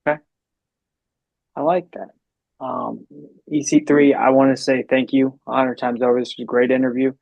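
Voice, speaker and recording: A man's voice: mid-range voice, flat delivery, normal speed, vocal fry, pauses often, no room sound, lo-fi sound. A man hosting a podcast, asking interview questions in a hesitant way with many ums. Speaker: podcast host.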